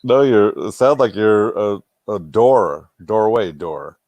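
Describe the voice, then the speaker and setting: A man's voice: lowish voice, animated, slow, a little mellow, no echo. A man chatting casually on a livestream, teasing the host. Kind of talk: casual chat.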